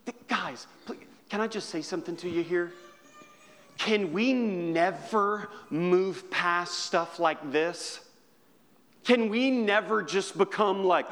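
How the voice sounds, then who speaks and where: A man preaching a sermon in a big hall, his fairly high voice carrying a long reverb. He talks slowly and deliberately, rising to loud, emphatic passages and then dropping to hushed ones. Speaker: pastor.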